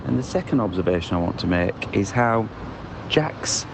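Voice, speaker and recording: A man's voice: fairly low pitch, lively intonation, moderate pace, creaky. A man co-hosting a podcast in casual chat, talking in a wry, observational way from outdoors in a city square. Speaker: podcast co-host. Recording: outdoor street noise. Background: street and traffic noise.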